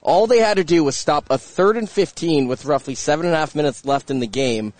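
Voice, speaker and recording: A man's voice: on the high side, brisk, a little mellow, no echo. Wry, teasing male sports co-host. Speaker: podcast co-host. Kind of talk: casual sports podcast chat.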